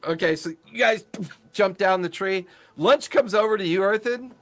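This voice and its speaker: A man's voice: high-pitched, moderate pace, a bit bright, a little hiss or hum. A man narrating a tabletop game as game master, loose and laughing often.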